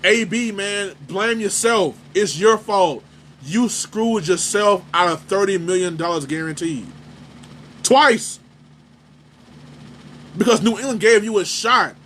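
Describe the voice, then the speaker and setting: A man's voice: sits high, a little slow, a bit bright, a little hiss or hum. A man hosting a sports talk show, ranting in heated, emphatic commentary and hammering his points over and over. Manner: emphatic, repetitive, fired-up.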